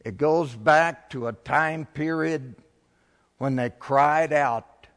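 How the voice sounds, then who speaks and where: A man's voice: a little high, slow pace, a bit bright, big-room sound. A male pastor preaching a sermon, building to emphatic, rising swells.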